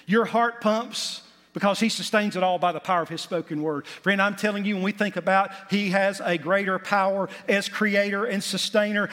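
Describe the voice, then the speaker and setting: In a church sanctuary with long hall reverb, a male pastor preaches a sermon, building to emphatic points with folksy asides. His voice sits high and is steady in tone, a bit bright, at a moderate pace.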